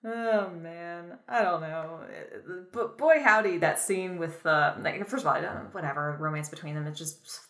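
A woman with a lowish voice chats casually about films, rambling and breaking into laughs. The room around her sounds echoey. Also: normal speed, hardly any pauses, a bit bright. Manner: rambling, frequent laughs and filler words. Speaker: podcast co-host. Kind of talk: casual film review chat.

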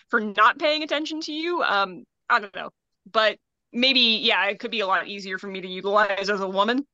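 A woman guest on a casual podcast, talking in an animated, humorous way and acting out voices. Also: a little high, dry recording, dull audio. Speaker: guest, adaptive climbing founder. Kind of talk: casual chat.

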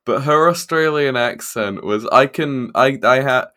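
A man's voice: medium pitch, a little slow, pushed and bright. A man co-hosting a podcast in casual chat, with dry, teasing humor. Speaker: podcast co-host.

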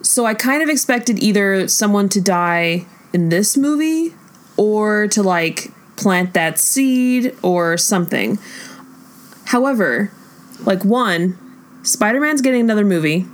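A young woman in casual conversation, relaxed and matter-of-fact. She talks through her reasoning in an easy, conversational way. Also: mid-range voice, measured pace. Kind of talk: casual chat about a film.

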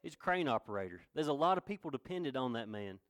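A middle-aged man preaching a sermon in a folksy, earnest way, building to loud proclamations. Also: mid-range voice, very animated, fast, no room sound, studio quality. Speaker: pastor.

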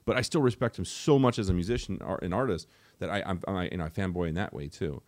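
A young man co-hosting a casual podcast, talking fast with lots of animated asides. His voice sits fairly low, and the sound is close and dry with no room echo. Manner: rapid, opinionated, animated asides. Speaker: podcast co-host.

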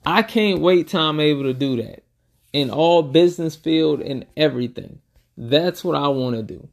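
A young man talks through a casual reaction video in a fairly high voice with a gravelly fry. He is excitable and profane, and he keeps acting out what people said in quick quoted bursts.

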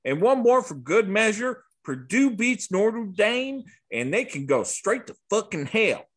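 A man's voice: high-pitched, big pitch swings, a little slow, pitched above the performer's own voice, heavily acted. A man doing a cocky Southern bettor. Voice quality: loud and cocky, swearing. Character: brash foul-mouthed Southern male sports bettor. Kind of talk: podcast impression.

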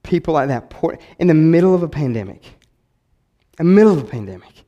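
Animated pastor in a reverberant hall. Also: male voice, on the high side, brisk, muffled recording. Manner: animated, repeats words, acts out quotes. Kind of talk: sermon. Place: church sanctuary.

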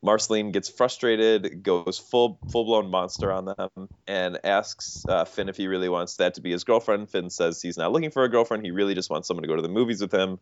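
A man with a deep voice retelling cartoon plots on a casual podcast. The sound is dull and dry, with no room around it. He talks his way through each episode in detail. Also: brisk, hardly any pauses, smooth, no echo. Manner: recaps episodes in detail, animated. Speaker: podcast host.

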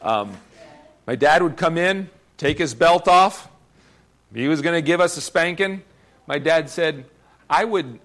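A pastor delivers a sermon in a man's voice that sits on the high side and sounds a bit bright. He is earnest and emphatic, often repeating words to drive his point home.

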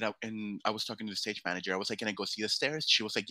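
A man who performs in drag, telling a story in loose, animated chat. His voice sits a little low but sounds bright and forceful, and he curses freely as he acts out what other people said. The recording is dry and close, with no room sound. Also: fast talker, hardly any pauses, no echo. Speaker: drag performer, podcast guest.

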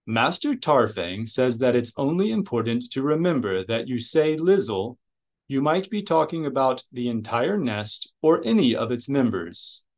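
A man's voice: mid-range voice, sing-song, moderate pace. A man doing a fussy, formal droid translator.

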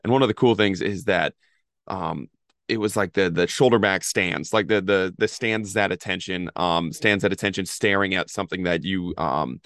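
A man's voice: low-pitched, normal speed, a bit bright, dry recording, studio quality. A man hosting a podcast, asking a guest questions in a rambling way and repeating words as he thinks. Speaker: podcast host. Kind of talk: casual interview questions.

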